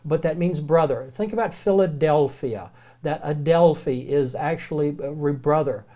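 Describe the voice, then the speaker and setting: A man with a Southern American accent teaching the Greek alphabet in a relaxed, folksy recorded lecture, slowing down to spell out words. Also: on the high side.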